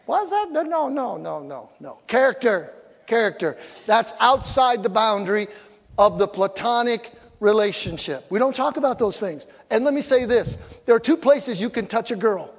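High-voiced older male pastor preaching. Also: lively intonation, normal speed. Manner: humorous, acts out quotes. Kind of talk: sermon. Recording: long hall reverb.

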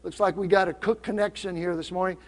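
A man's voice: high-pitched, steady tone, quick pace, long reverb tail. A man preaching a sermon as pastor, playful and teasing as he talks to the congregation. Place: church sanctuary.

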